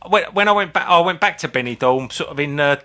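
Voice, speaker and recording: A man's voice: on the high side, expressive, quick pace, pushed and bright, clean tone. A man in his fifties, co-hosting a comedy podcast as a rambling, sweary storyteller. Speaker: podcast co-host. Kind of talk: casual chat.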